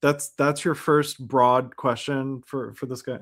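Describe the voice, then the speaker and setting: A man's voice: mid-range voice, little pitch movement, unhurried. Critical male podcast co-host. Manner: critical, stammering restarts while making a point. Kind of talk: casual chat.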